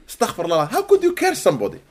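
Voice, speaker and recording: A man from Sudan, giving an animated, expressive religious lecture to a live audience in a hall and often laughing. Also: high-pitched, noisy background. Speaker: Islamic teacher.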